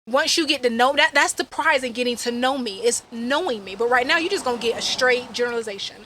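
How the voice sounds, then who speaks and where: A woman co-hosting a podcast outdoors, chatting casually in an animated way, laughing and swearing freely. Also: a little high, quick pace, a crowd in the background. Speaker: podcast co-host. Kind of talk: casual chat.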